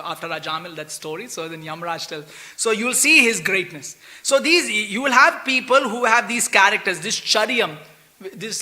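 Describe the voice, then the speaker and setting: A man with a high-pitched, sharp voice delivers a storytelling sermon in a temple hall as a scripture class. He's chatty, leans on "you know" and "right?", and acts out the story's characters.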